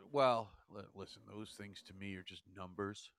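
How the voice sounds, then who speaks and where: A man co-hosting a hockey talk show, measured and dry, counting points out carefully. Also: lowish voice, gravelly, fairly bright tone, no room sound. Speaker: hockey analyst, co-host. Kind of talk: casual hockey chat.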